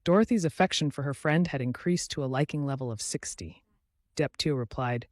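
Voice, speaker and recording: A man narrating a comic story recap in a brisk, matter-of-fact scripted way. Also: medium pitch, dry recording.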